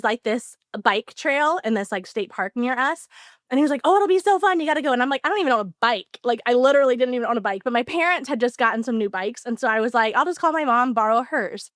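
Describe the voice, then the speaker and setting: A woman co-hosting a podcast, telling an animated story in casual chat with lots of "like" fillers. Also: fairly high pitch, dry recording, clean studio sound. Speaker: podcast co-host.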